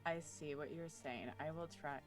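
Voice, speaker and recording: A woman's voice: low voice, moderate pace, over music. A woman playing a tabletop role-playing game in character, sarcastic and short of breath. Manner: sarcastic, joking to cope. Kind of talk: in-character role-play banter.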